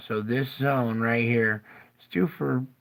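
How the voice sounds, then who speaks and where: A weary man talks his viewers through a map in loose, casual commentary, yawning and wandering off course before catching himself. His voice has a gravelly, fry-edged texture at an ordinary middle pitch. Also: fairly even intonation, slow pace, a bit bright. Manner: rambling, jokey and self-interrupting. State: tired, yawning. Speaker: show host. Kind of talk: casual commentary over maps.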